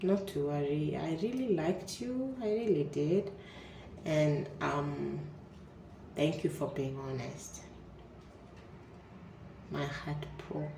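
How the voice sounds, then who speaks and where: A young Kenyan woman telling a personal story in a casual, animated way, often repeating words and stammering as she goes. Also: low voice, slow, gravelly, long pauses, background noise. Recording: echoey room with faint ambience.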